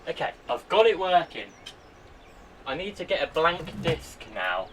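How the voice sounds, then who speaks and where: A man chatting to himself and his viewers in an excitable way while he works on a computer at home. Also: fairly high pitch, unhurried. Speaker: vlogger. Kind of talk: casual running commentary while using a computer. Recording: voice a bit far from the mic, faint background noise.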